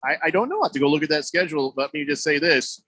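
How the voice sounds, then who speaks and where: Man, sports radio host, casual talk, bright forceful tone, dry studio sound. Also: on the high side, fast, breathy edge, no echo. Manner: animated, laughing, mocking impressions.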